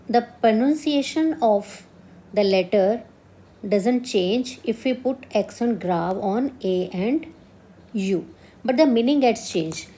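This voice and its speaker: A woman's voice: fairly high pitch, dark tone. A woman teaching a beginner French class, explaining step by step and often checking that the students understood.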